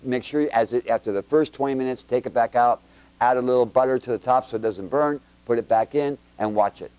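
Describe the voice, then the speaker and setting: A man teaching the Bible to a mixed room of adults and kids in a loose, conversational way. He keeps quizzing the listeners with rapid questions and jokes between homespun examples, in a middle-pitched voice. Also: a little mellow, no room sound. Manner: quizzes the audience with quick questions; chatty and joking, with homespun examples. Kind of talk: informal Bible teaching to a congregation with children.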